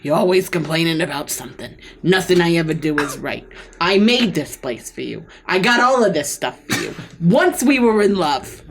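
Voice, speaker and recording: A woman's voice: mid-range voice, very animated, normal speed, few pauses, a little hiss or hum, close to an everyday voice. Woman doing a whiny bookish snake husband. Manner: whiny, defensive, blustering.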